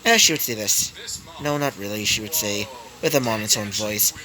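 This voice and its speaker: A man's voice: lowish voice, expressive, normal speed, bright, forceful tone, low-quality recording. A man improvising a fan-story narration, rambling with many fillers and you-knows, with crowd noise behind.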